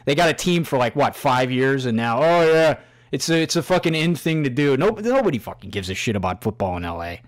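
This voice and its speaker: A man's voice: mid-range voice, sing-song, brisk. A middle-aged man hosting a podcast, telling rambling stories in a casual, constantly swearing monologue. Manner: profane, storytelling, swears constantly. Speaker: podcast host.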